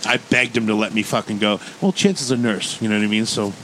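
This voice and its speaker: A man's voice: lowish voice, fast, low-quality recording. A man telling a story in casual chat, swearing freely and acting out the people in it. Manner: profane, animated storyteller. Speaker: co-host. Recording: faint background noise.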